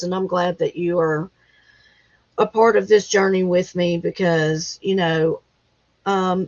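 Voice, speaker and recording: A woman hosting a casual livestream chat, talking in an emotional, halting way as she fights back tears. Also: lowish voice. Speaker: livestream host. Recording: dull lo-fi livestream audio.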